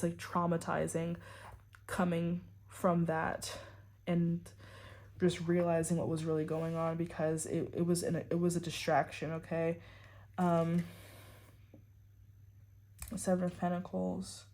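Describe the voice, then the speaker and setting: A woman's voice: fairly low pitch, completely flat delivery, a little slow, pauses often, a little mellow. A woman giving a casual tarot reading to her viewers, rambling and full of "like" and "you know". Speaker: tarot reader.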